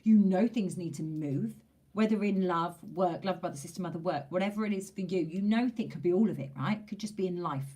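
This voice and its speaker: A tarot reader speaks briskly to camera in a fairly low, dark, husky voice. Her reading is casual and chatty, and she stresses her points by repeating phrases, with a mild swear word here and there.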